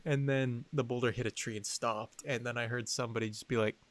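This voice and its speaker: An excitable young man spins a story on a casual podcast, his voice rising and tumbling with fillers as he goes. His tone sits at an ordinary middle pitch, and the recording is dry, with no room sound around him. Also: fairly quick, no room sound. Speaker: podcast co-host.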